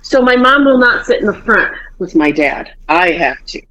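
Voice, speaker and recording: A woman's voice: medium pitch, very animated, normal speed, pushed and bright, highs cut off. A woman podcast host telling family stories in casual chat, swearing freely and acting out her parents' quarrels.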